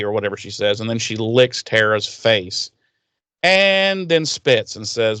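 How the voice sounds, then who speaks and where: Profane, animated podcast host recapping. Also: male voice, on the low side, unhurried, clean tone, no room sound. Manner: animated, swears a lot, acts out characters' lines. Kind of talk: casual profane episode recap with quoted voices.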